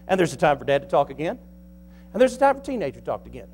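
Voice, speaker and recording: A man preaching a sermon in a folksy, animated way, swinging between soft asides and loud emphasis. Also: fairly high pitch, racing, creaky, breathy edge, faint music behind. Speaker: pastor.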